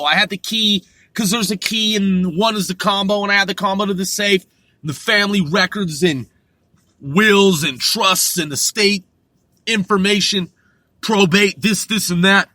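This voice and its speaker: Profane ranting man, bright tense voice, dry close sound, slow delivery. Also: high-pitched, no room sound. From United States. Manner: profane, combative, shouting bursts. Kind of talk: ranting monologue to camera.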